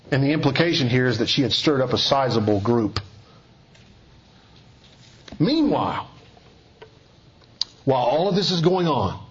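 A man preaching an expository sermon in a measured, earnest teaching manner, often dropping soft for emphasis. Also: a little high, highs cut off.

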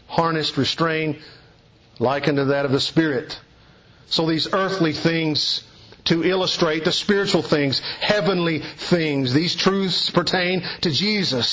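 Earnest Kentucky preacher, lo-fi sound. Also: male voice, fairly high pitch, fairly bright tone. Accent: Eastern Kentucky Southern US. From East Kentucky, USA. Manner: earnest, emphatic, deliberate teaching cadence. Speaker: pastor. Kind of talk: expository sermon. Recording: dull lo-fi recording.

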